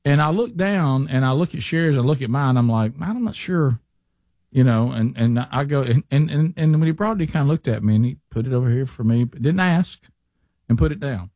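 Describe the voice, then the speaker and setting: Rambling radio host, dry studio sound. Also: male voice, medium pitch, fairly quick, darkish tone, no echo. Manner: rambling, self-deprecating storyteller with many restarts. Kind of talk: casual talk radio banter.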